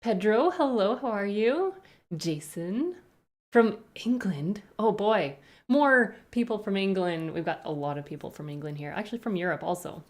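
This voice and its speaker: A woman's voice: mid-range voice, animated, normal speed. A woman streamer chatting casually on a live stream, greeting viewers one by one with rambling asides.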